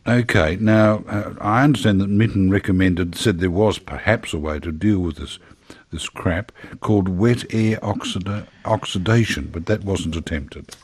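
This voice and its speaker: A man hosts a radio interview in a conversational way, putting questions and reacting with quick quips. His voice sits very low and sounds husky and a little breathy. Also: no echo.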